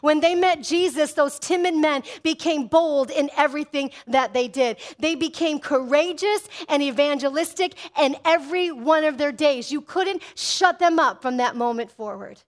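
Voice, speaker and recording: A middle-aged woman preaches from the pulpit in a high, ringing voice. Her delivery is fervent and driving, punctuated by calls for an amen from the congregation. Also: normal speed, hardly any pauses. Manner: fervent preaching with call-and-response amens. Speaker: pastor. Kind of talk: sermon.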